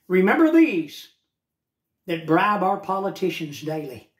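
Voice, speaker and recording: Fired-up older man, high voice. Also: very animated, unhurried, reverberant. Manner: heated, repetitive and plain-spoken. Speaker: vlogger. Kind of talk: casual political rant to camera.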